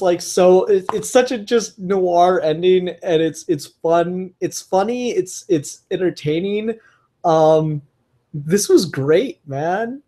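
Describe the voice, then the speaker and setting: Slow, rambling comic book reviewer. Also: mid-range voice, dark tone. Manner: enthusiastic, rambling, frequent fillers and restarts. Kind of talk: casual solo review podcast.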